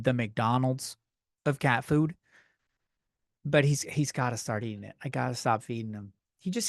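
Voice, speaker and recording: A man with a fairly high voice rants through a comedy podcast, swearing freely and tripping over his own restarts. The sound is dry and close, with no room around it. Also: dry recording. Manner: rambling, profane, self-interrupting. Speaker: podcast host. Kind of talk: comedic solo rant.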